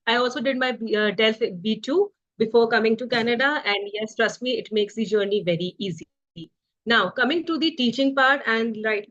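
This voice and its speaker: Indian-accented woman French tutor, slightly high voice, reassuring webinar delivery, dull call audio. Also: a bit bright. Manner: reassuring, explanatory. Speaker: French teacher. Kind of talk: webinar presentation. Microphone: video call.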